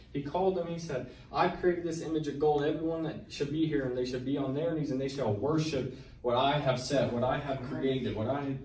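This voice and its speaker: A man's voice: medium pitch, darkish tone. Earnest man testifying in an echoey church. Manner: earnest and colloquial, building in intensity with call-and-response. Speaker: church member giving testimony. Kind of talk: personal testimony and Bible retelling to a congregation. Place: church sanctuary with congregation. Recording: echoey church hall, mic at a distance, faint background noise.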